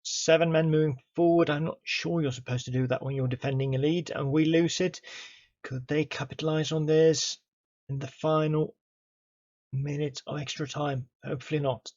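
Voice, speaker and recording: Excitable man commentating a football game. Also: fairly high pitch, normal speed, dull audio. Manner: excitable play-by-play, talks to his players. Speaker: gaming YouTuber.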